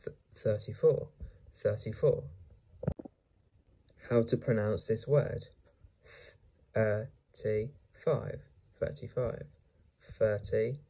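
A man repeating numbers over and over in a slow pronunciation drill, sometimes breaking them into single sounds. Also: medium pitch, warm tone, husky, low-quality recording. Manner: repeats each number many times, splitting it into sounds. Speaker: pronunciation teacher.

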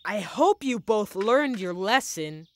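A woman's voice: mid-range voice, lively intonation, slow pace. A woman voicing a sensible, slightly smug young cartoon boy. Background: kids' cartoon music.

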